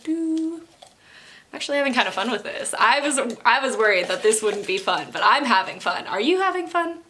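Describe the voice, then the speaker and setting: Bright chatty young woman vlogger. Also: a little high, expressive, fast, a little hiss or hum. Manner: chatty, giggly, lots of fillers. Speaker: book vlogger. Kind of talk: casual vlog chat.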